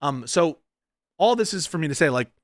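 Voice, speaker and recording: A man's voice: on the high side, expressive, normal speed, dry recording, studio quality. A man giving casual political commentary, arguing emphatically with frequent restarts and tag questions.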